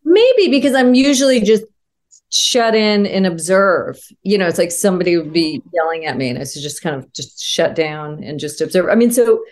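A woman from the United States, a guest author, telling personal stories candidly in a halting way with many restarts. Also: on the low side, lively intonation. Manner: halting, restarts often, acts out quoted voices.

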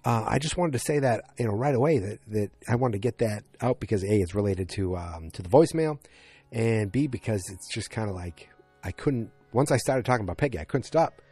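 Rambling man with a mellow husky voice. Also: fairly low pitch, expressive, brisk, dry recording, faint music behind. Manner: rambling, many fillers and restarts, retells scenes. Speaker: podcast host recapping a TV episode. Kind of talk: casual recap chat.

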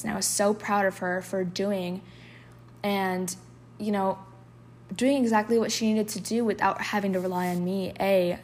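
Confessional woman, soft-spoken poetry reader. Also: medium pitch, slight background noise. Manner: emotional, confessional, with frequent filler "like"; reads poems aloud softly, sometimes in a whisper. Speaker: podcast host. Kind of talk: candid personal storytelling and poetry reading.

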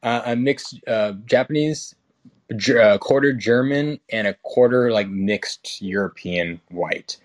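A man's voice: medium pitch, unhurried. A young man in casual conversation, rambling with restarts and fillers, frank and swearing casually. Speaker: guest.

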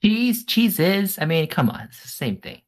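A man's voice: a little high, animated, quick pace, slightly rough. A man co-hosting a casual podcast, playing a quiz contestant and joking, protesting and swearing.

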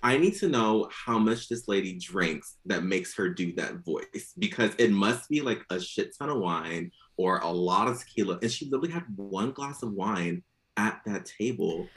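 A man joining a casual chat, expressive and giggly, gossiping. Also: lowish voice, moderate pace.

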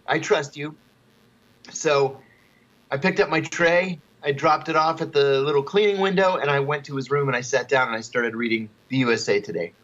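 A man telling a story at an even pace as a guest in an interview, with chuckles between phrases. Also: mid-range voice, lo-fi sound.

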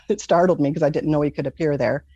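A woman candidly telling a personal story as an interview guest, earnest and often breaking into soft laughs. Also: low-pitched, a little fast, slightly rough, no echo. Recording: dull lo-fi recording.

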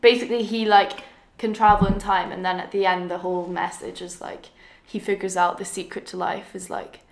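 A young woman with a Scottish accent, chatting casually as a podcast guest, soft-spoken and often trailing off. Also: medium pitch, flat delivery, a little fast, creaky, low-quality recording. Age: young adult. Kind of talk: casual chat.

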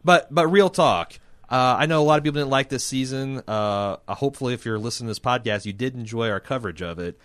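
A man's voice: medium pitch, quick pace, few pauses, a bit bright. A man hosting a TV recap podcast, chatting casually in a rambling way with restarts. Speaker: podcast host.

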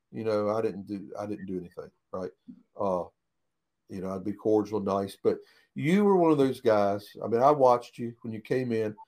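A man's voice: mid-range voice, a little mellow. Man, casual storytelling, folksy, plain-spoken, cusses, interview guest. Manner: folksy, swears freely, repeats "right?". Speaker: guest, retired race car driver.

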